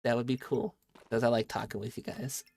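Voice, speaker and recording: A man's voice: mid-range voice, expressive, fairly quick, creaky, darkish tone, slightly rough. A young man streaming a game, chatting playfully with his viewers as he plays, on a headset mic. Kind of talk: casual live game-stream chat with viewers.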